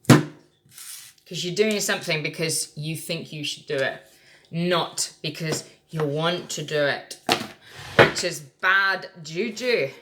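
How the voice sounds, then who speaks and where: A woman's voice: sits low, heavy background noise. A woman giving a casual tarot reading, blunt and lecturing, who swears freely. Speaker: tarot reader.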